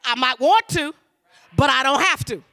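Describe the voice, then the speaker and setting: A middle-aged man preaching a sermon in church, shouting and urging the congregation to repeat after him, repeating words in a fervent cadence. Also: very high voice, normal speed. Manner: shouting, urging call-and-response.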